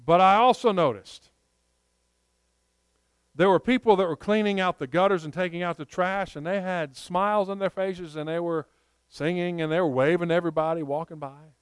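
A man preaching a sermon in a fairly high, smooth voice. He tells stories earnestly and slows down to let key points land. The sound is close and dry, with no room echo. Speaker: pastor.

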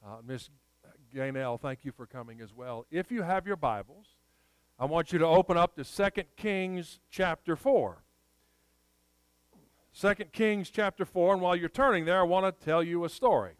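High, smooth-voiced man preaching a sermon. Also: normal speed, no room sound, poor audio. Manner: folksy storytelling, earnest prayer. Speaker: pastor. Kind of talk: sermon with storytelling and scripture reading.

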